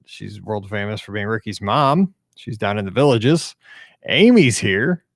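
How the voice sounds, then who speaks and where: A man's voice: on the low side, animated, unhurried, no echo, studio quality. A man hosting a live call-in podcast, chatting casually and greeting viewers one by one, sounding tired and humming to himself between remarks. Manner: chatty, upbeat, hums and mutters to himself. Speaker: podcast host.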